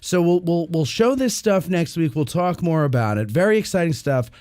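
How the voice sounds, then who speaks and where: A man's voice: a little high, expressive, moderate pace, a little mellow, clean tone, no room sound, studio quality. A man hosting a casual podcast chat, joking around with his co-hosts. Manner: joking, breaks into silly singing. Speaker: host.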